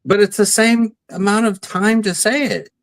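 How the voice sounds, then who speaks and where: A man's voice: sits high, fairly even intonation, moderate pace, no echo. A man co-hosting a podcast in casual banter, playful and teasing, laughing easily. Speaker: podcast co-host.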